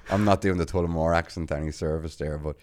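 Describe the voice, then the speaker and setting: A man with a very deep voice co-hosts a relaxed podcast. He tells his stories in a chatty way and laughs often as he talks. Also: fast. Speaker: podcast co-host. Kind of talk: casual podcast chat.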